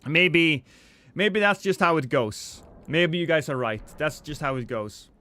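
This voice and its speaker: A man's voice: on the high side, lively intonation, measured pace, sharp tone. A man streaming a game live, chatting with viewers in a rambling, joking, self-deprecating way.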